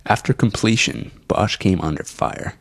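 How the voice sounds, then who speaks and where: A man narrating a documentary in a measured, formal way. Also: lowish voice, lively intonation, gravelly, a bit bright, dry recording.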